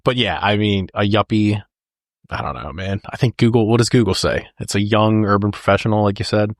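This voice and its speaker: A man's voice: on the low side, flat delivery, a little fast, no room sound, studio quality. A man co-hosting a podcast, laid-back and conversational, talking a movie over with his co-host. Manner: laid-back, conversational, addresses listeners as folks. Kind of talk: casual movie-discussion chat.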